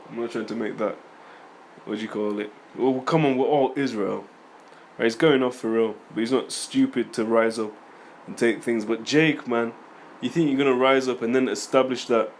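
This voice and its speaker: Casting: man, mid-pitched, informal scripture teacher, rambling, argumentative, talks back to critics. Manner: rambling, conversational, reads scripture aloud then comments; argumentative, addresses critics directly. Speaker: religious teacher.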